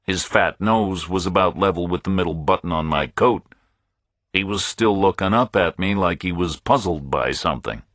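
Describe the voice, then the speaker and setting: A man's voice: deep voice, moderate pace, fairly bright tone, breathy edge, dry recording, clean studio sound. A man narrating a first-person thriller audiobook in a laconic, matter-of-fact way.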